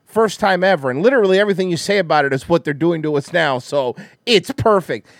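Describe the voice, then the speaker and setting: High, animated man ranting on a stream. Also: fast, gravelly, no echo. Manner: profane, sarcastic, mocking. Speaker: livestream host. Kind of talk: casual commentary rant.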